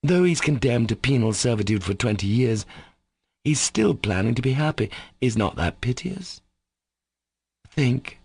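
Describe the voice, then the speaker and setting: A man's voice: medium pitch, big pitch swings, measured pace, gravelly, slightly rough, dry recording, pitched above the performer's own voice, full character voice. A man voicing an earnest young man in an audiobook, who speaks with urgent emphasis. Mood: insistent. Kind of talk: audiobook character voice.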